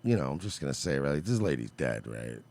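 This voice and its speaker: A man with a low voice cracks sarcastic, profane jokes. He talks in a deadpan way on a casual podcast with a co-host. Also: brisk, no room sound. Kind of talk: casual chat riffing over news clips.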